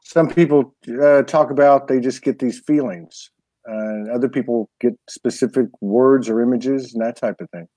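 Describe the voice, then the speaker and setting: Guy hosting an interview, warm mellow tone, kinda rambling questions, dry sound. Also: mid-range voice, moderate pace, no room sound. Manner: asks rambling, searching questions. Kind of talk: interview conversation.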